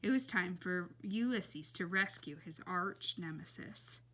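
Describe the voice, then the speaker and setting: Lively woman reading a story aloud. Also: on the low side, a little slow. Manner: lively and expressive, laughs between passages. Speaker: reader. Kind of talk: reading a children's novel aloud.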